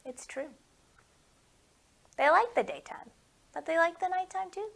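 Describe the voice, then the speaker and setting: A woman's voice: extremely high pitch, animated, unhurried, creaky. A woman hosting a library storytime for young children, talking in a playful, coaxing way and asking the kids questions.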